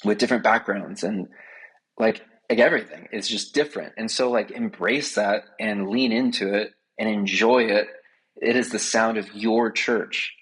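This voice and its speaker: Man, podcast guest, earnest, passionate, low voice, slightly raspy. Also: normal speed, a bit bright, low-quality recording. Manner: earnest, passionate, many fillers. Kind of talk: casual podcast conversation.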